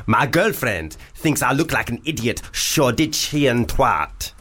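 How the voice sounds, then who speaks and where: A man's voice: mid-range voice, sing-song, a little slow, a bit bright. A man reading out a listener's email in an exaggerated, clowning put-on foreign accent. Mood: mock-earnest.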